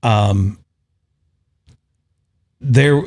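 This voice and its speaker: A man's voice: on the low side, extremely slow, darkish tone. A man co-hosting a podcast, telling long rambling stories in casual chat and chuckling often. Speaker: podcast co-host.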